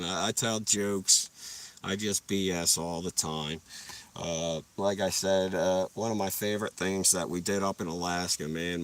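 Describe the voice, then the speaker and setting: A man's voice: low-pitched, fairly bright tone, smooth, recorded from a distance. A young man telling rambling, profane stories while sitting in his parked car, laughing at his own jokes. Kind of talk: casual storytelling livestream.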